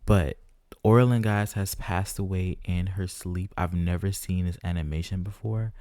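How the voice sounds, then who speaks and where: Gaming host, male, low and mellow, dry close sound, chatty with viewers. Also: steady tone, unhurried, no echo. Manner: chatty, keeps addressing viewers as "guys". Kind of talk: casual gameplay commentary.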